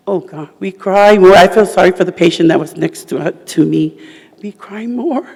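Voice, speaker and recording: Woman, widow, funeral eulogy, gravelly voice, halting broken phrases, long hall reverb. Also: fairly low pitch, darkish tone.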